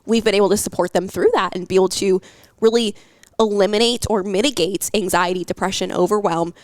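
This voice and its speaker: A young adult woman health coach talking openly about her anxiety in a podcast, emotional and halting, with many fillers. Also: mid-range voice, steady tone, a little mellow, dry recording. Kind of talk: personal podcast talk.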